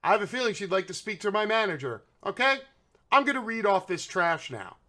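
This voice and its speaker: A man's voice: high voice, very animated, a little fast, pushed and bright. A man hosting political commentary, ranting in a sarcastic, mocking way and swearing freely.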